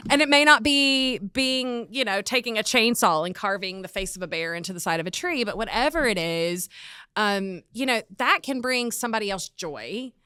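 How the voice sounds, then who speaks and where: A woman guest from North Carolina chatting casually in a podcast interview, laughing often and filling pauses with "um". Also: fairly high pitch, lively intonation, bright, forceful tone, smooth, no echo. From North Carolina, USA. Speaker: podcast guest, arts executive director.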